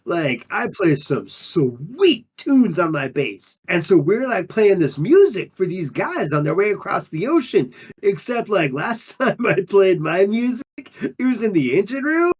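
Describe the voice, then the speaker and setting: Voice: medium pitch, sing-song, measured pace, darkish tone, slightly rough. A performer playing a laid-back undine monk who talks in drawling surfer slang, in an improvised in-character interview. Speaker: player character.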